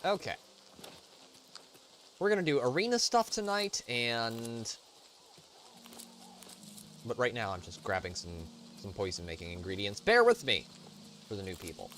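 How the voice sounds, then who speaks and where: A man's voice: mid-range voice, sing-song, measured pace, pauses often, fairly bright tone, a little hiss or hum. A man hosting a casual let's-play stream, chatting in a rambling, profane, self-interrupting way. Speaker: gaming channel host.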